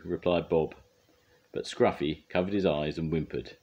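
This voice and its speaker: An older man reading a children's storybook aloud in a gentle, expressive way. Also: very deep voice, a little slow, lo-fi sound.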